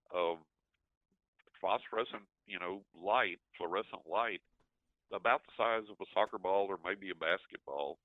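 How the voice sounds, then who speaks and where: A man's voice: fairly low pitch, no echo. Older man on a tinny line. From West Texas. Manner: animated storyteller who acts out his own reactions. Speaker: guest, psychic. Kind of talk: storytelling in an interview. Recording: dry, tinny phone line.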